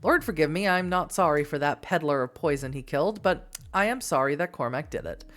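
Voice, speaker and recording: A woman's voice: sits low, fairly quick, lightly acted. A woman voicing a wistful old Irish man who rambles with regret.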